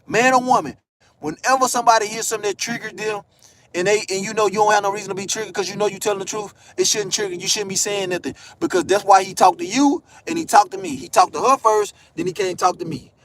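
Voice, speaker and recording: A man's voice: high voice, fast talker, crowd noise. A young man telling a heated, profane story as a vlogger, acting out the people he quotes in raised voices. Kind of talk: animated storytelling rant.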